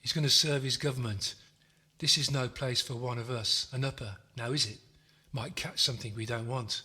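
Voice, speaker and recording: A scornful male body snatcher who speaks down to the people around him, as a narrator puts him on. The voice is husky, bright and sneering. This is a storybook reading. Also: mid-range voice, fairly even intonation, normal speed.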